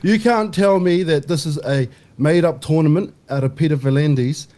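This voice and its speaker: A man's voice: a little high, moderate pace, warm tone. A man on a panel, emphatic and laughing often, repeating his points. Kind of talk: casual banter.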